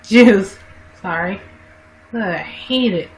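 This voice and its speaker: A woman chats to her livestream viewers in a slow, unhurried drawl, her voice sitting a little high. She rambles and keeps stopping to correct herself, picked up by a webcam mic with a faint hiss underneath. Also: fairly bright tone, poor audio. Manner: rambling, frequent self-corrections and restarts. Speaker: livestream vlogger. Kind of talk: casual rambling monologue to viewers.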